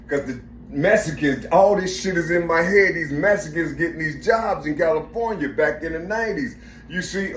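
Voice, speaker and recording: A man's voice: fairly high pitch, a bit bright, slight background noise. A middle-aged man telling a rambling, profane personal story, repeating himself and searching for the right words, recorded in an echoey room. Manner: profane, repetitive, searching for words, keeps saying "you see".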